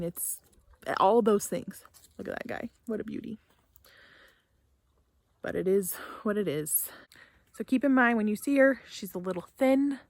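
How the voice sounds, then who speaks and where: A young homesteader in her barn talks casually to her camera and her cow, and now and then becomes emotional and tearful. Her voice is medium-pitched and a little mellow, recorded with no room sound.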